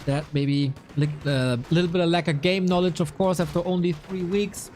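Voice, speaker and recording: A man giving playful live commentary on a strategy game match, with quick asides. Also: sits high, fairly even intonation, a little mellow, slight background noise. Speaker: esports commentator.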